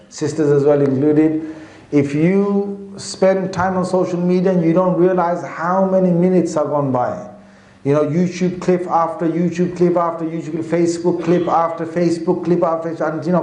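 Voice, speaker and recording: High-voiced man preaching in an echoey room. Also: darkish tone. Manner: conversational teaching, checks in with "okay"; chants Quranic verses and dhikr. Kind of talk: sermon.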